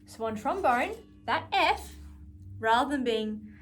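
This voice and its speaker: Woman, high voice, music teacher, patient counting, faint music behind. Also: expressive, measured pace. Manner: patient, counts and sings note names aloud. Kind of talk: guided practice lesson.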